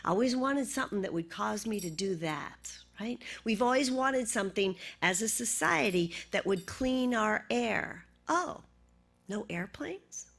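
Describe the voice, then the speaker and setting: A middle-aged woman minister preaching a sermon, telling a story and often dropping to a hushed half-whisper. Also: medium pitch, moderate pace, gravelly, hardly any pauses.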